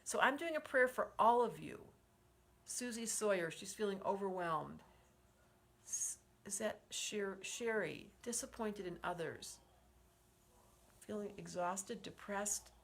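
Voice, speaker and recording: Speaking slowly with lively intonation in a mid-range voice, this woman in her sixties hosts a live stream as an astrologer. She's encouraging and effusive, voicing viewers' comments and leading a shared breathing exercise over a livestream microphone.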